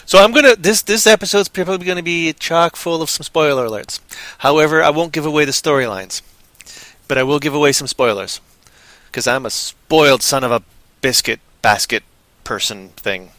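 A tired man rambling on a casual podcast, goofy, with sudden loud silly outbursts. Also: a little high, normal speed, dry recording. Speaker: podcast co-host.

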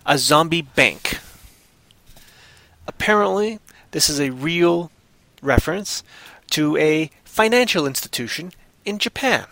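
Bright-voiced man in chatty podcast banter. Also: a little high, animated, measured pace, pauses often, dry recording. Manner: rambling, jokey, bursts of loud goofy voices. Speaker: podcast host. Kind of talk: casual chat.

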